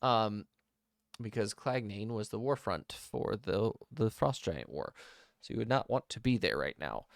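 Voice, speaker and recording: A man as game master, narrating and explaining a tabletop game world in a relaxed way with many pauses. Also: on the low side, vocal fry, no echo, studio quality.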